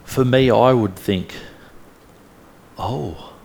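A man preaching a sermon, retelling a story in a lively way with humorous asides. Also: on the low side, moderate pace, gravelly, a little hiss or hum.

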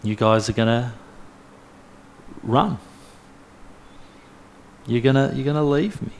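A preacher voicing a calm gentle teacher. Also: male voice, mid-range voice, takes it slowly, a little hiss or hum. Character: calm male teacher foretelling betrayal.

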